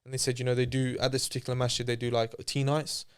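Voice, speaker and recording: A man with a clean, resonant voice tells his story at a quick clip. He talks casually and loosely with plenty of slang, and slips into lively impressions of the people he quotes. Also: mid-range voice, smooth. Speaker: interview guest.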